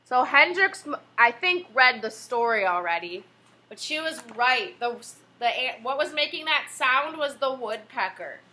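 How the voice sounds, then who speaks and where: In an online class read-aloud, a woman elementary teacher patiently encourages her young students over video call and asks them questions. She has a high voice with lively intonation, a measured pace, and a bright, forceful tone.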